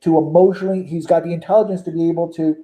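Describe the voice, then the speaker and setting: A man's voice: fairly high pitch, steady tone, racing, warm tone. A man in casual conversation who argues his opinions emphatically and piles on rhetorical questions. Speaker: guest. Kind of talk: casual chat.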